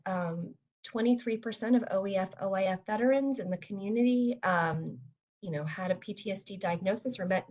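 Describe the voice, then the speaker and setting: A woman's voice: mid-range voice, a little mellow, lo-fi sound. A woman presenting research in a webinar in a friendly, casual way, with frequent "um" and "you know".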